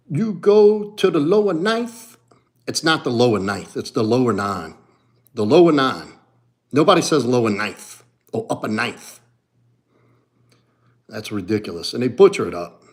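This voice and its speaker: Blunt, profane New Orleans man. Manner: blunt and profane, swings between low mutters and animated outbursts. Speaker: livestream host and martial arts coach. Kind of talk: casual livestream chat reading comments.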